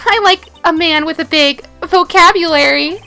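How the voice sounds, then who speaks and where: A woman's voice: very high-pitched, creaky, sharp tone, faint music behind, voice pushed up, heavily acted. Woman playing a giggly flirty witness. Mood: teasing. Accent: slight put-on Southern. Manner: teasing, drawn-out giggly flirting.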